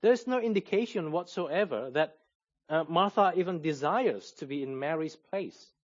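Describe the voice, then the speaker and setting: Male preacher, measured teaching sermon, lively pitch, slightly high voice. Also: lo-fi sound. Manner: measured, explanatory, lively intonation.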